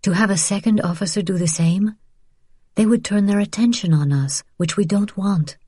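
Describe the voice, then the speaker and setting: A woman voicing a weary, ashamed mother who speaks quietly while trying to protect her children. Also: mid-range voice, normal speed, slightly rough, no echo, studio quality, pitched above the performer's own voice, natural voice. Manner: quiet and subdued.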